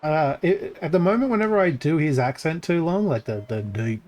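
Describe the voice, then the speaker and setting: A man's voice: expressive, moderate pace, a little mellow. A man casually narrating his gameplay as a streamer, thinking aloud with lots of fillers and restarts. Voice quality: voice gets crackly when pushed deep.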